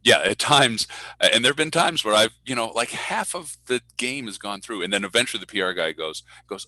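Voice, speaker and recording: A male public address announcer with a low voice and a strong, sharp edge to it. He talks casually over a video call with a dry, close sound, and he slips into other people's voices as he tells his stories. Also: fairly quick, no room sound, low-quality recording. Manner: animated storyteller who acts out voices in anecdotes. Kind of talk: casual talk in an online speaker Q&A.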